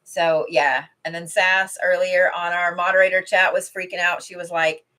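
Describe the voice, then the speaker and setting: Chatty woman with a bright voice. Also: lowish voice, flat delivery, normal speed. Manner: chatty, rambling, swears casually. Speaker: intuitive card reader. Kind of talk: casual livestream chat with card reading. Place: home.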